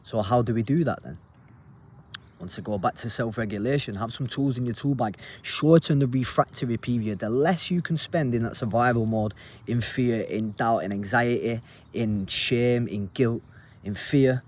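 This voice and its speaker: A man's voice: medium pitch, moderate pace, a little mellow. Earnest man coaching. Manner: earnest, repetitive, plain-spoken. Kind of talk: casual self-help monologue.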